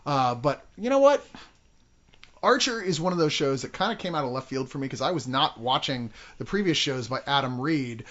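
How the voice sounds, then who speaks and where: A man's voice: mid-range voice, expressive, moderate pace, a bit bright. A man hosting a podcast in casual chat, joking and laughing with profane banter. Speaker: podcast host. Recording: dull lo-fi podcast audio.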